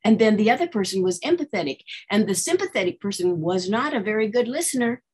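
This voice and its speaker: Woman, group participant, chatty storytelling, husky breathy voice, middle pitch, video call. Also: lively intonation, quick pace, darkish tone. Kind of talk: group discussion.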